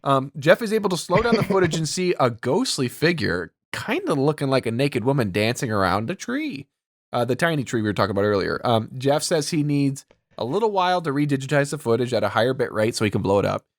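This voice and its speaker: A man's voice: medium pitch, big pitch swings, fast, no room sound, clean studio sound. A man co-hosting a podcast, giving a loose, profane summary of a film's plot. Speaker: podcast co-host. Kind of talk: casual movie recap chat.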